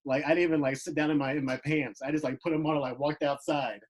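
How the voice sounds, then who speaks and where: Young air force vet co-host, slightly high voice, rambling chat, many fillers. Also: male voice, fairly even intonation, fast, low-quality recording. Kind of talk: casual chat.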